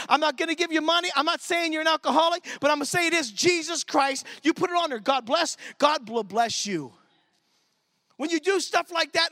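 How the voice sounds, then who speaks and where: High-pitched lively preacher man. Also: dry recording, clean studio sound. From Pittsburgh. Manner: animated, storytelling, street-talking preacher. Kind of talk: sermon.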